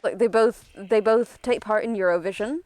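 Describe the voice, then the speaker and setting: A woman's voice: medium pitch, moderate pace, a little mellow, no echo. A woman streaming a video game, chatting casually in a rambling, self-interrupting way and laughing often.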